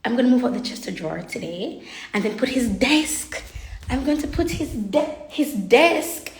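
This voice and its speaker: A woman's voice: fairly high pitch, expressive, moderate pace, vocal fry, slight background noise. A young woman, chatting casually on a livestream and reading viewer comments aloud from her home. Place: home room. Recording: echoey room.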